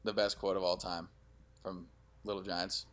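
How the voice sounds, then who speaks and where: A young man co-hosting a casual sports podcast, excitable and quick to quote old movie lines. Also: low-pitched. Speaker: podcast co-host.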